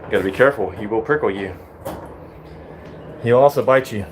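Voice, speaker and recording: A man's voice: lowish voice, a little fast, noisy background. Blunt, tired man chatting on a livestream. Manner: blunt, rambling, swears freely. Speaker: livestream host. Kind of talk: casual livestream chat.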